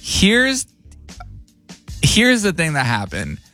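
A man's voice: fairly high pitch, huge pitch swings, slow, pushed and bright, soft background music. A man in his thirties, a father, telling a story in casual chat, laughing often and acting out the voices of the people in it.

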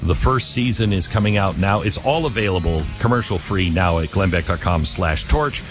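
A man's voice: sits low, normal speed, over music. A man hosting a talk radio show, talking in a rambling way with many fillers and restarts.

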